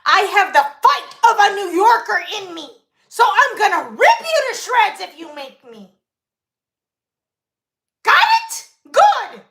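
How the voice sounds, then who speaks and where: A woman's voice: extremely high pitch, sing-song, moderate pace, a bit bright. A young woman from Brooklyn, ranting indignantly at her livestream viewers as a makeup streamer. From Brooklyn, New York. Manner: indignant, scolding, emphatic. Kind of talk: livestream rant. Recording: echoey room.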